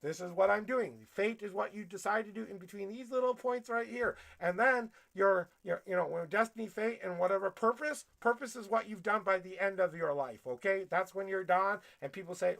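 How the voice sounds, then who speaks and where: A man giving a blunt, profane tarot reading on a livestream, preaching at his viewers and working himself up to yelling. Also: high voice, brisk, creaky, hardly any pauses. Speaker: tarot reader.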